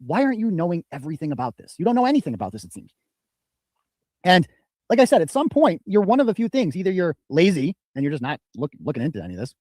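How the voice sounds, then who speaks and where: A man's voice: a little high, sing-song, quick pace, darkish tone, no echo. A man hosting a commentary show, talking in an indignant way. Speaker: host. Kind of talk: commentary reading messages.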